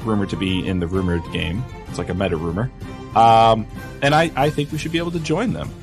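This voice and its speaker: A man's voice: on the low side, brisk, music in the background. A man co-hosting a casual podcast chat, joking and laughing often. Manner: laughs often, jokey and animated. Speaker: podcast co-host.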